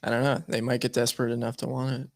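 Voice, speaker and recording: A man's voice: medium pitch, flat delivery, fast talker, gravelly, no echo. A man co-hosting a podcast, joking and sarcastic in a casual chat. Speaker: podcast co-host.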